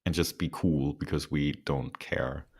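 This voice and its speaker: A man co-hosting a casual podcast chat, playful and teasing, quick to laugh and a bit tipsy. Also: extremely low pitch, fairly even intonation, vocal fry, a little mellow, husky. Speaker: podcast co-host.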